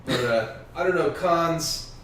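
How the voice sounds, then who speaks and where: A man with a middle-pitched voice tosses out crude, deadpan jokes in casual podcast talk. He sits back from the mic, so the voice sounds distant and very roomy, with a faint hiss. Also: slow. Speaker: podcast co-host.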